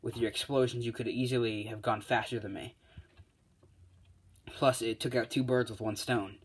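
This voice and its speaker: A man's voice: mid-range voice, steady tone, moderate pace, breathy edge. A man casually retelling a fan story, rambling with lots of uh's and restarts. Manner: rambling, full of fillers and restarts.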